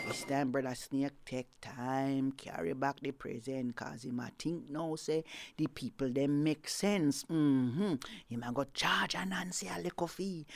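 A woman's voice: low voice, no room sound. Jamaican woman telling a folk tale. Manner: lively, dramatic, shifts into hushed whispers. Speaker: storyteller. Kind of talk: Anansi folk tale storytelling in patois.

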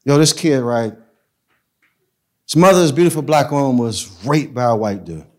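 A man, a pastor telling stories in a casual, animated way that swings between loud and soft. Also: medium pitch, moderate pace. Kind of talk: storytelling talk.

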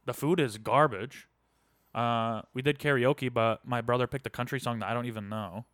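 A man's voice: mid-range voice, fairly even intonation, normal speed, a bit bright. A young man hosting a casual podcast chat, blunt and crude, joking around. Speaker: podcast host.

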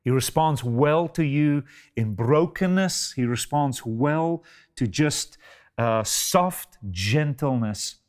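A man delivers a sermon slowly and dramatically, calling his listeners "beloved" and filling it with rhetorical questions. His voice is medium in pitch and animated.

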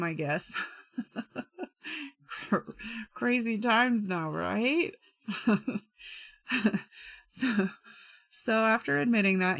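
A woman's voice: mid-range voice, vocal fry, fairly bright tone, no echo. A woman from Utah casually telling a true crime story with chatty asides and slang.

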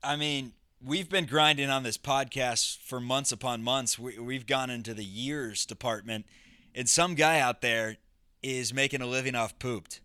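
Deadpan young man, bright podcast voice. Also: mid-range voice, unhurried, clear, resonant tone, dry recording, studio quality. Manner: deadpan, storytelling with silly put-on voices. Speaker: podcast co-host. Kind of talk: casual comedic chat.

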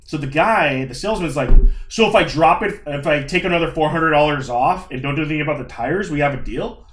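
A man's voice: on the high side, fast talker. Young guy telling a story, swears a lot, acts out quotes, roomy echo. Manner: animated, profane, acts out quotes. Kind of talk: casual storytelling. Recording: echoey room.

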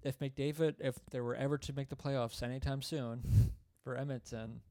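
A man's voice: medium pitch, fairly even intonation, moderate pace, mellow, no room sound. A man co-hosting a casual sports chat, laid-back and prone to trailing off. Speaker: podcast co-host.

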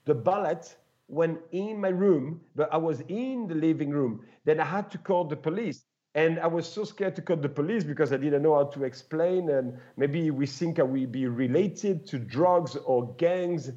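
A man's voice: fairly high pitch, moderate pace. French man telling stories, muffled sound. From France. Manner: animated, acts out voices in his stories, laughs often. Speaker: guest, former pro mountain biker. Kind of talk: casual storytelling.

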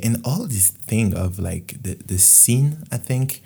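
A man's voice: fairly low pitch, normal speed, gravelly, hardly any pauses, warm tone, breathy edge. A man from France with a French accent, hosting a casual podcast monologue in a rambling, candid way. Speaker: podcast host.

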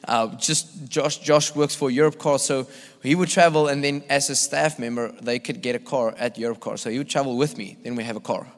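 A man's voice: medium pitch, brisk. Man preaching in echoey church hall. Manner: animated, acts out voices, laughs often. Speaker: visiting evangelist. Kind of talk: storytelling sermon. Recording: long church hall reverb.

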